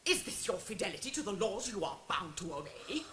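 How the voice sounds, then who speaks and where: A woman's voice: medium pitch, sing-song, brisk, echoey room, a crowd in the background, natural voice. A woman playing a stern, commanding fairy queen in an operetta. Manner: commanding, reproachful. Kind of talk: operetta stage acting.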